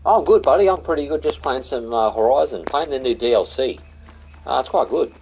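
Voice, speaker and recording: A man's voice: mid-range voice, expressive, a little fast, creaky, a little mellow, husky, rough recording. A young Australian man chatting casually with viewers on a live game stream, greeting them by name and calling them mate and buddy.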